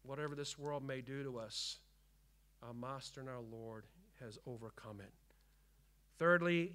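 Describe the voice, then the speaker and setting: A man preaching a sermon as pastor, emphatic and repetitive, dropping to hushed tones and rising again. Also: a little high. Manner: emphatic preaching, swinging between hushed and loud; repeats key phrases for emphasis. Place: church.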